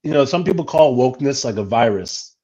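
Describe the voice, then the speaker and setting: A man's voice: mid-range voice, animated, a little fast, warm tone. Earnest man on dull lo-fi audio. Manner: earnest, with many fillers and restarts. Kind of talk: casual livestream chat.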